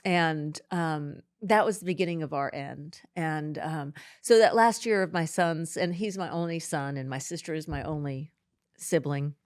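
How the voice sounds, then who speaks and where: Middle-aged woman talking slow n halting, pretty low voice, emotional interview. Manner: halting, emotional, many restarts. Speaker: podcast guest.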